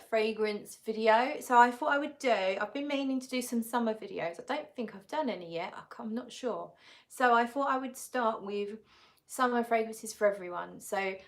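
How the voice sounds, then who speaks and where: A tired woman hosts a relaxed live-stream chat, greeting viewers by name and reading their comments aloud. She talks at an unhurried, slow pace, with a chatty, easygoing manner and plenty of little fillers. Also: medium pitch. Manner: frequent laughs and fillers, easygoing. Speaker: fragrance channel host.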